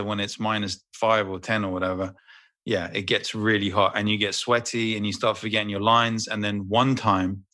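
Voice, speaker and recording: A man, an actor guest, chatting casually in a podcast interview, telling animated stories and swearing freely. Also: fairly low pitch.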